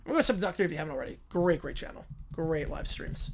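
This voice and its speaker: A man's voice: fairly high pitch, quick pace, few pauses, a little hiss or hum. Brief: easygoing man running a live sports stream, talking to chat. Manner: relaxed, reads chat and emails aloud.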